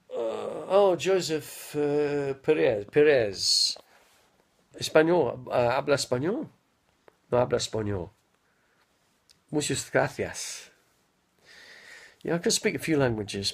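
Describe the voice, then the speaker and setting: A man in his fifties telling rambling stories on a live stream, speaking slowly with a slight stutter and often losing his train of thought. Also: medium pitch, expressive. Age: 50s. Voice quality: gravelly, husky. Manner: slow, halting, loses his train of thought. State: mild stutter after head injury. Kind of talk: rambling casual storytelling.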